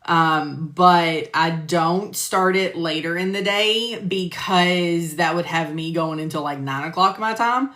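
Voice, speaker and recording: A woman's voice: lowish voice, slow, hardly any pauses, fairly bright tone. A woman teaching medical coding, chatting casually on a live stream and answering viewers by name with lots of fillers. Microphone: phone or computer mic on a live stream. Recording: roomy echo.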